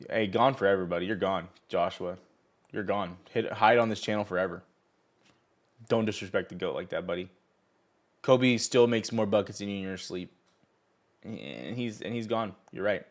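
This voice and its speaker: Rambling, boastful man hosting a livestream. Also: fairly low pitch. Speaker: livestream host. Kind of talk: casual live market chat.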